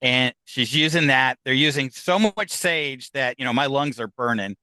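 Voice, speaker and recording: A man's voice: mid-range voice, bright, forceful tone, no echo, low-quality recording. A man from Upstate New York, a guest in a podcast interview, telling a long story with many fillers and restarts and acting out what other people said. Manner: rambling, halting with fillers and restarts; acts out other people's lines as he tells the story.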